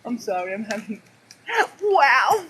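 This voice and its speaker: A woman's voice: on the high side, lively intonation, unhurried. A woman filming a thunderstorm from an outdoor balcony on her phone, gasping and exclaiming, shrieking when strikes land close. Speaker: person filming a storm. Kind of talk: excited live commentary. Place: eighth-floor balcony outdoors in a storm. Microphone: phone held in hands. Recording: loud rain noise on a phone mic.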